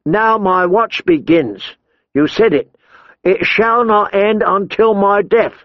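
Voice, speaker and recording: A man voicing a gentle, loyal young male recruit who speaks solemnly and pleadingly. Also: sits high, takes it slowly, no echo, muffled recording, pitched above the performer's own voice.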